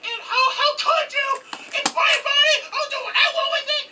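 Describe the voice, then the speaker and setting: A man voicing a shrill, furious young ex-girlfriend who screeches and sobs in hysterics. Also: fairly even intonation, fairly quick, pushed and bright, raised voice, recorded from a distance, a little hiss or hum, heavily acted. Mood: outraged.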